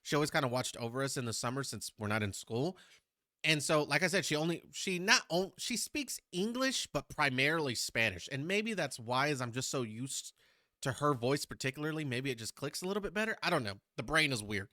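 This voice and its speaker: A man's voice: medium pitch, animated, fairly quick, bright, forceful tone, no echo, studio quality. A man from Texas, hosting a casual reaction video in a chatty, rambling way and searching for words. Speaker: YouTube reaction host.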